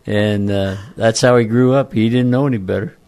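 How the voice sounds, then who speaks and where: An older man and former football coach, telling folksy, rambling stories in a croaky voice as a radio guest. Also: on the low side, steady tone, normal speed, darkish tone. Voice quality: croaky, frog-like voice. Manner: folksy, rambling, self-deprecating. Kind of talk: casual radio interview storytelling.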